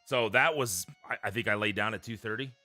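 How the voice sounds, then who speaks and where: A man's voice: on the low side, fairly quick, pushed and bright, no room sound. A man chatting casually as a podcast co-host, rambling about his sleep schedule and old game consoles. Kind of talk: casual chat.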